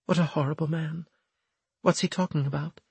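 A raised, husky voice plays a frightened female alien scientist, as a male narrator puts her on, soft and full of remorse. The tone is very raspy and breathy. The read is dry and close, with no room around it. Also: on the high side, fairly even intonation, fairly quick, no room sound, pitched above the performer's own voice, heavily acted. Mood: fearful. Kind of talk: audiobook character voice.

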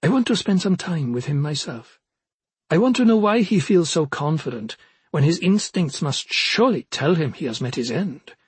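A cruel ancient witch talks down in a lifted, husky voice, sneering and commanding, as a man puts her on. The storybook reading sounds close and dry. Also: on the high side, sing-song, normal speed, no echo, heavily acted. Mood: menacing. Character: cruel ancient witch, woman, menacing and scornful.

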